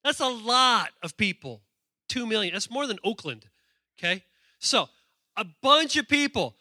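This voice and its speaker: High, bright-voiced animated preacher. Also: male voice, unhurried, no echo, clean studio sound. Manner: animated, joking storyteller. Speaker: pastor. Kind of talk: sermon.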